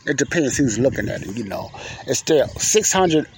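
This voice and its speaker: A man talking on his own podcast in a folksy, preacherly manner, circling back and repeating phrases to drive a point home. His voice sits in an ordinary middle pitch, and a faint hiss of noise runs under the recording. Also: big pitch swings, moderate pace, darkish tone. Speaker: podcast host. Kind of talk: casual faith-based advice monologue.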